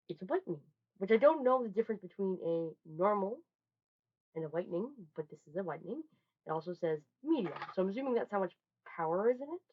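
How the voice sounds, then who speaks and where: A chatty young woman shows off her gifts in a loose, rambling way, often restarting her sentences and breaking into sudden loud bursts. Her voice sits a little low for a woman. The home recording sounds muffled and lo-fi. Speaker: vlogger. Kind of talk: casual show-and-tell haul.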